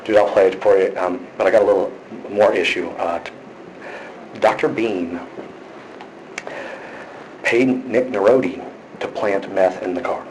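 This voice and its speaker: A man's voice: low voice, unhurried, pauses often, darkish tone. A man talking anxiously at a police station, rambling with many fillers and restarts. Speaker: complainant. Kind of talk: casual conversation. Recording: noisy, echoey room from a distance.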